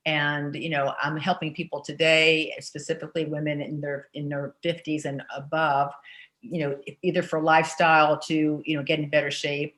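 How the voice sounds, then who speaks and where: Chatty woman in her sixties. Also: deep voice. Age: 60s. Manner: chatty, energetic, many "you know" fillers. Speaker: interview guest. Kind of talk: casual storytelling in an interview.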